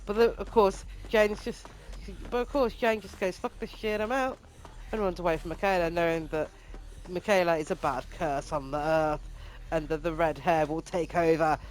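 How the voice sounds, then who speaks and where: A woman's voice: deep voice, fairly even intonation, moderate pace. Giggly woman narrating gameplay. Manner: giggly, crude, rambling. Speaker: gaming channel host. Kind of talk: comedic made-up narration over gameplay.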